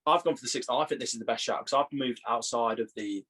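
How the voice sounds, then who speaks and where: A young English man co-hosting a podcast in casual, teasing banter, quick to laugh at his own jokes. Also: mid-range voice, noisy background. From England. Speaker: podcast co-host.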